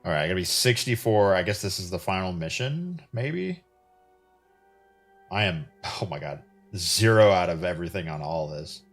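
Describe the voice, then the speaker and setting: A low-pitched man commenting on a game he streams live. His pitch jumps around a lot as he reacts. His talk is chatty and wry, and faint game music plays behind him. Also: expressive, normal speed.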